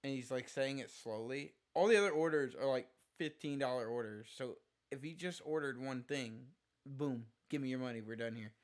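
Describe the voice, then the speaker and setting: A man's voice: mid-range voice, normal speed. A male live streamer telling a rambling, profane story in casual chat, full of "like" fillers.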